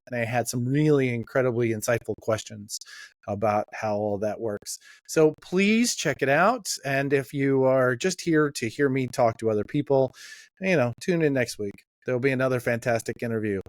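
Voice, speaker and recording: A man's voice: medium pitch, no echo, clean studio sound. A man hosting his weekly podcast, chatting casually as he introduces an episode and plugs another channel. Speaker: podcast host.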